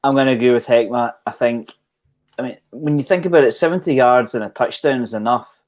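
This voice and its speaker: A man on a fan panel giving measured, hedged predictions. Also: medium pitch, a little mellow. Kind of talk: casual panel chat.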